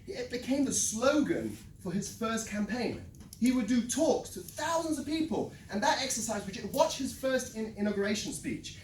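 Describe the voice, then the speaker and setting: A sales trainer giving a lively live workshop talk to a room, telling a story and checking in with the audience by asking "right?". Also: medium pitch, a little hiss or hum. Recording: echoey room, mic at a distance.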